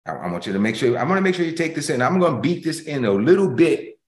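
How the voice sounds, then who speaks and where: Lively, emphatic preaching man. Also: fairly high pitch, quick pace, reverberant. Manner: emphatic preaching with repeated phrases, swinging between loud and hushed. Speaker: pastor. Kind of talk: sermon.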